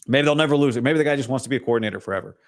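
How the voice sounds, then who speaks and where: A man's voice: mid-range voice, racing. A man hosting a solo sports talk show, opinionated and hedging, with frequent restarts.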